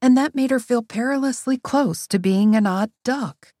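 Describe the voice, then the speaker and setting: A woman narrating a novel aloud in a wry, expressive reading. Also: on the high side, normal speed, no room sound, clean studio sound. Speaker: audiobook narrator. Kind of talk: scripted narration.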